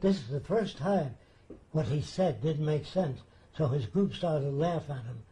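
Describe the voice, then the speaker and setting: A man recounting a story in a mellow, somewhat raised voice. He talks deliberately and with emphasis, pausing to ask whether the listener follows. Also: on the high side, lively intonation, a little hiss or hum, low-quality recording. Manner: deliberate, emphatic, rhetorical questions. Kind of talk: casual storytelling.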